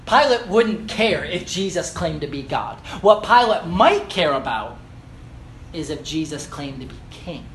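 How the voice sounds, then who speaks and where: A man preaching a sermon, earnest and explanatory, slowing down to stress key phrases and building emphasis. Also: high voice, slight background noise.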